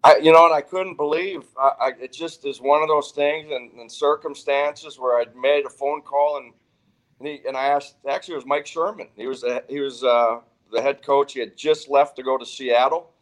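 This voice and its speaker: A man's voice: medium pitch, fairly even intonation, moderate pace, poor audio. An older man from Wisconsin, a football coach telling stories of his career in a chatty, easygoing way. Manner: chatty, restarts phrases. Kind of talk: casual interview storytelling.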